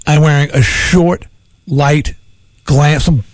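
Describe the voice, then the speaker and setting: A man hosting a radio show, telling a long rambling story in a lively, jokey way. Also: fairly high pitch, slow, no room sound. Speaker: radio host. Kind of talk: casual storytelling on morning radio. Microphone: studio microphone.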